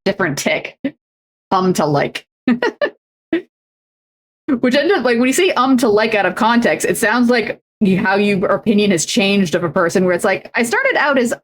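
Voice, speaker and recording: A young adult woman streamer in casual chat, talking in loose runs full of fillers and restarts. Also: medium pitch. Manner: chatty, many fillers and restarts. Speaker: streamer and co-host.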